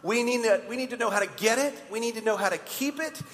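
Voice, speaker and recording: Brief male pastor, high voice, chatty sermon, reverberant church hall. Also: fast talker, fairly bright tone. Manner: conversational, asks the congregation questions.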